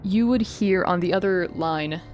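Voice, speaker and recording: Low-voiced woman narrating as game master. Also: measured pace, darkish tone, soft background music.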